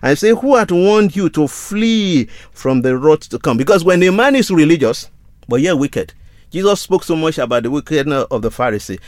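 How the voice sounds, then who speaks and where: A man's voice: a little high, lively intonation, normal speed, dry recording, clean studio sound. A man preaching a sermon in an earnest tone, reading scripture aloud and repeating key phrases for emphasis.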